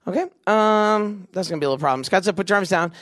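A young man leading a big youth crowd through a game, joking and doing quick silly voices. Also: fairly high pitch, a bit bright, dry recording, clean studio sound. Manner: goofy, quick asides, acts out voices. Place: event venue with a live audience.

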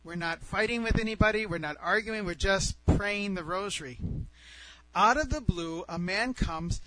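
Middle-aged man, high voice, animated storytelling, excitable, restarts and repeats, dry close sound. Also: normal speed, dry recording, poor audio. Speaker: speaker telling a personal faith story.

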